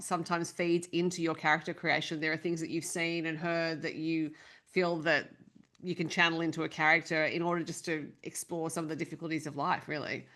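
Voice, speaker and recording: A woman hosts a podcast interview and poses long, thoughtful questions at an unhurried pace. Her voice is on the lower side for a woman. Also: a bit bright. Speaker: podcast host.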